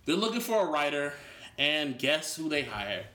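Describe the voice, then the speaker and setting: A man co-hosting a podcast in casual chat, animated, opinionated and profane. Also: a little high, normal speed, reverberant. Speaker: podcast co-host.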